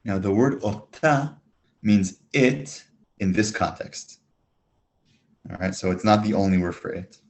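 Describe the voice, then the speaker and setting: A man with a low, deep voice gives a beginners' language lesson. He explains each word slowly and clearly, breaking the sounds apart for learners. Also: expressive, a little mellow. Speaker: Hebrew teacher.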